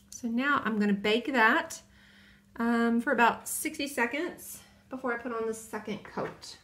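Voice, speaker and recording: A chatty woman talks through her nail supplies in a casual, bubbly way, gushing over colors. Her voice sits a little high. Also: unhurried, a bit bright. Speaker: nail hobbyist vlogger. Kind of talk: casual chat while unboxing and swatching.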